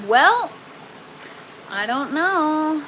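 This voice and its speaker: A woman's voice: sits high, sing-song, extremely slow, pushed and bright, slight background noise, poor audio. A woman hosting a casual gardening live stream from an indoor grow tent, chatting with viewers and using lots of ums and "you guys.".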